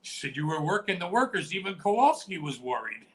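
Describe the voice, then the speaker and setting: Against a noisy background, this middle-aged man speaks a little fast in a fairly high voice. A retired professional wrestler, he's spinning stories in an interview with lots of animation, performing the quoted dialogue and making sound effects.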